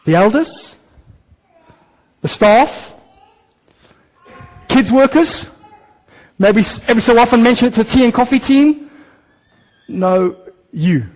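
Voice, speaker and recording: A male pastor delivering a sermon in a high, lively voice. He preaches animated and direct, slipping into short acted-out voices to make his points. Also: takes it slowly, pauses often, in a large hall, poor audio. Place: church hall.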